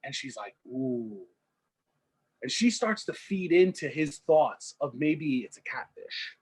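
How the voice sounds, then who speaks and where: A young man riffs through a story on a casual podcast, rambling and popping into little character voices along the way. His voice sits a bit high and has a husky edge. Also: very animated. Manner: rambling, acts out characters in quick asides. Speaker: podcast co-host.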